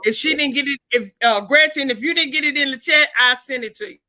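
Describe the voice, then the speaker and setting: A woman hosting a live chat, cursing heavily and ranting angrily, at times breaking into shouts. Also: sits high, quick pace. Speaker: livestream host. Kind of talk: profane angry ranting chat.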